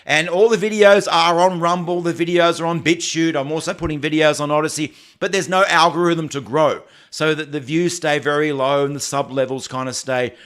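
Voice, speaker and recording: Chatting on his casual livestream, this Australian host responds to viewer comments in a halting manner, frequently starting over and saying phrases twice. His pitch is fairly high, his tone steady and a bit bright.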